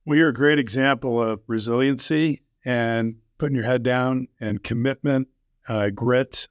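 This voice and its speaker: A man hosting an interview podcast, speaking reflectively with many pauses and "um"s. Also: medium pitch, steady tone, no room sound. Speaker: podcast host. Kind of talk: conversational interview.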